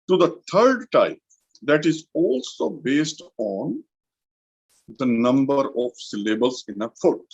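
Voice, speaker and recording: A male college lecturer from India with an Indian English accent, slowly explaining a literature lesson and repeating key terms for emphasis. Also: medium pitch, very animated, slightly rough, highs cut off.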